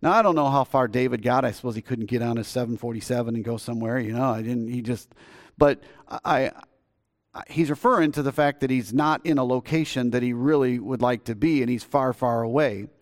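A middle-aged man giving a folksy sermon as a pastor, with frequent halting restarts and repeated words. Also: mid-range voice.

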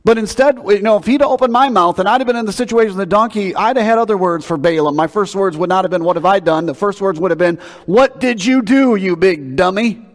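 A male pastor delivers a sermon in a conversational yet emphatic manner, doubling words as he builds to each point. His voice sits a little high for a man, and a long reverb trails after it in what sounds like a church sanctuary. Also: fast, few pauses.

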